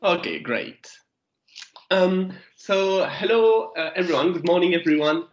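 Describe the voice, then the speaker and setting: Over an echoey, low-fidelity video call, a thirty-something man from France lectures students as a visiting geologist. His English has a French accent and a high voice, and he keeps stopping and starting over as he reaches for the right words.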